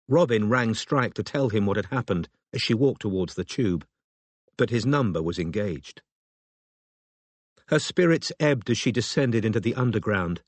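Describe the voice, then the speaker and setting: A male audiobook narrator reads a scripted book in a steady, measured storytelling manner. His voice is fairly low in pitch, and there is no room sound.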